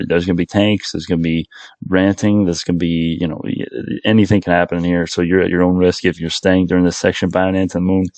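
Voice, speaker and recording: A man with a very low voice rambles through casual commentary on stocks. He is full of fillers and keeps breaking off his own sentences. The sound is close and dry. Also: a little mellow, no echo. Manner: rambling, filler-heavy, self-interrupting. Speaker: stock market YouTuber.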